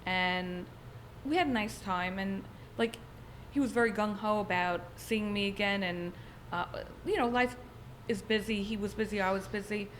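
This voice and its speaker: A woman's voice: mid-range voice, moderate pace, a little hiss or hum. Chatty Long Island woman telling stories. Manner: chatty, animated storytelling. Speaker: podcast guest, real estate agent. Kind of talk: casual chat.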